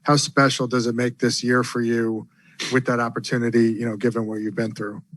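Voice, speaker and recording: Flat-voiced male reporter, rambling. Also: medium pitch, fairly quick, no echo. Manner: rambling, restarting questions. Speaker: sports reporter.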